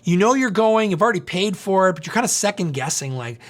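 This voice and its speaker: A male pastor preaching through a story in an animated, conversational way, often asking the audience questions. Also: sits high, quick pace, few pauses. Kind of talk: storytelling sermon.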